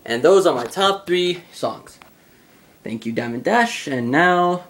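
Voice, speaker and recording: A young man chatting casually in a vlog, answering fan questions in a rambling, excitable way with lots of fillers. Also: on the high side, slow, distant mic. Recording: roomy sound, away from the mic.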